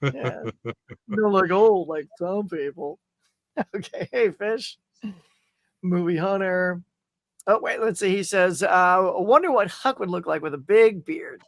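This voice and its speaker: A high-pitched man hosts a casual livestream, greeting viewers and reading chat aloud in an upbeat way. His voice is dry and close-miked. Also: a little slow, long pauses, no room sound. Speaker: show host.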